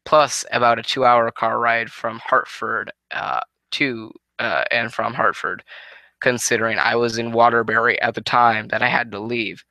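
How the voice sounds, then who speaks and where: A man's voice: mid-range voice, pushed and bright, no room sound. A tired man giving a casual, rambling review of a wrestling show, swearing and restarting his sentences often.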